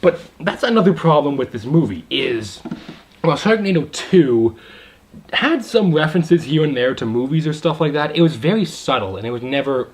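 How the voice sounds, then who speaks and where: A young man talks through a movie review in a loose, excited ramble, full of asides and fillers. His pitch swings widely and lively from word to word. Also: normal speed. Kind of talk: casual video review.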